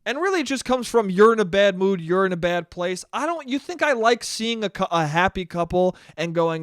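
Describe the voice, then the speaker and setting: A man's voice: high-pitched, normal speed, clean tone, dry recording, studio quality. A young man hosting a solo podcast, ranting in a profane, self-mocking way and acting out the voices in his head. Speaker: podcast host. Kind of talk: solo comedic monologue.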